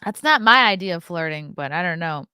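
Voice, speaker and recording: A woman hosts a casual live stream, blunt and freely profane as she talks through the chat. Her voice sits low and comes across smooth and clear. The close mic gives a dry, roomless sound. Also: lively intonation, fairly quick, bright, forceful tone, no room sound. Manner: blunt, profane, chatty, laughs often. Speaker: podcast host reading live chat.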